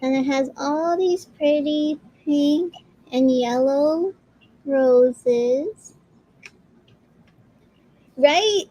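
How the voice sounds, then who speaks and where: A woman's voice: high voice, very slow, pauses often, warm tone, rough recording. A woman chatting casually on a live-stream sale, often breaking into giggles as she shows her items on webcam.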